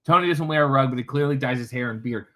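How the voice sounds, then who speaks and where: Casting: male streamer, middle pitch, wry and profane, chatty live read of viewer comments from a hotel room. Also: fast talker, bright, forceful tone. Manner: wry, profane, joking asides while reading chat aloud. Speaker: livestream host. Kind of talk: casual livestream, reading chat comments.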